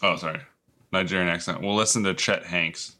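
A man's voice: low voice, steady tone, a little fast, pushed and bright. A man co-hosting a podcast in casual chat, teasing and goofy. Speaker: podcast co-host.

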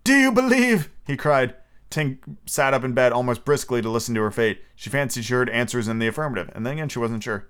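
A man hosts a podcast, reading a novel aloud and breaking off for casual asides. His voice is smooth and clear at a middle pitch, and he fixes his own slips as he goes. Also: fast, fairly bright tone. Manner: casual, with fillers and self-corrections while reading. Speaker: podcast host.

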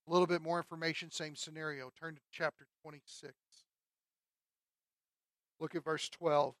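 A man preaching a sermon and reading scripture aloud, emphatic, rising to loud peaks and dropping low again. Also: level tone, normal speed, long pauses, dry recording. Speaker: pastor.

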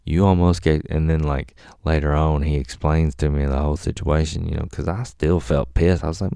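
Deep gravelly man telling a story. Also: fairly even intonation, brisk, few pauses, dark tone, no room sound, clean studio sound. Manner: profane, rambling, acts out quoted voices. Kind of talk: casual storytelling.

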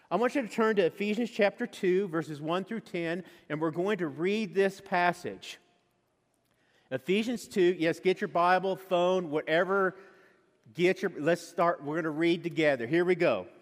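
A male pastor preaching a sermon, telling stories and acting out quoted voices as he goes. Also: high voice. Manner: animated storytelling with quoted asides. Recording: long hall reverb.

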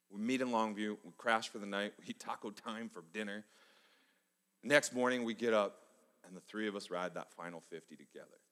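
A man preaching a sermon, telling a personal story in an animated way that swings between soft and loud. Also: on the low side. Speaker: pastor. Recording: long hall reverb.

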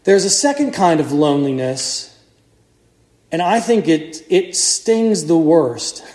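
A male priest preaching a sermon, telling the story with lively acted-out voices. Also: fairly high pitch, slow pace, echoey room. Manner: animated storytelling, acts out crowd voices. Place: church.

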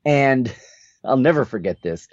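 A man's voice: medium pitch, a little slow, no echo. A man co-hosting a podcast, telling a story in casual chat and acting out the people in it. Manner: animated storyteller who acts out the people in his stories. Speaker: podcast co-host. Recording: dull dry lo-fi sound.

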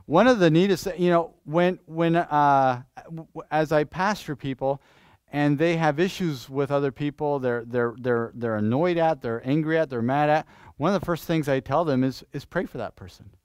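A pastor preaching in church, lively and questioning, restarting phrases and asking the congregation things. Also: male voice, a little high, normal speed, clear, resonant tone, no room sound, studio quality. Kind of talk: sermon.

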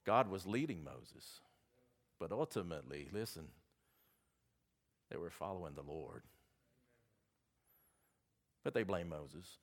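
A man's voice: sits low, expressive, slow, pauses often. A man with a Southern accent preaching a sermon, chatty and folksy, with asides between the scripture readings.

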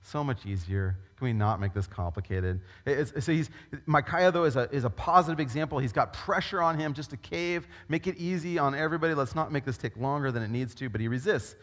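Man, pastor, sermon, animated conversational storytelling, mid-pitched voice, long hall reverb. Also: brisk, hardly any pauses.

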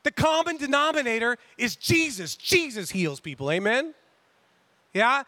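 A man with a high, bright voice preaches in a relaxed, chatty way, slipping into little acted-out voices for the people in his story. The sound is dry and close. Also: measured pace, no echo. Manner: conversational and animated, acting out quotes. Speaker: pastor. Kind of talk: casual sermon.

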